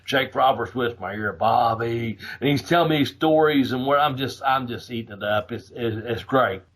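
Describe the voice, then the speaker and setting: A man hosting a podcast, telling a road story in a casual, profane, animated way, laughing as he goes. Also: mid-range voice, moderate pace. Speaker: podcast host.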